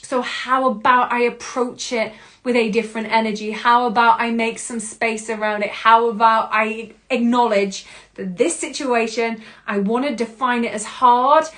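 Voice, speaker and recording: Expressive woman giving a motivational monologue. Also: a little high, normal speed. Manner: expressive, laughs often, acts out her own inner voice. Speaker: podcast host. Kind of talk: motivational self-help monologue.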